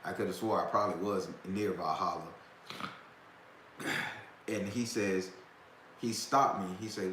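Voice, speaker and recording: A man's voice: deep voice, steady tone, unhurried, pauses often, a bit bright. A man hosting a live talk, telling a story in a loose, profane, casual way and laughing often. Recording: echoey room, faint background noise.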